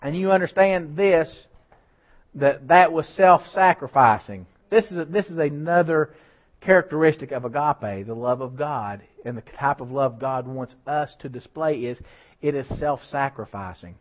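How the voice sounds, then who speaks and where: A man's voice: on the high side, moderate pace. A man preaching a sermon, building emphasis and throwing asides to the congregation. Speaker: pastor. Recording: slightly dull lo-fi church recording.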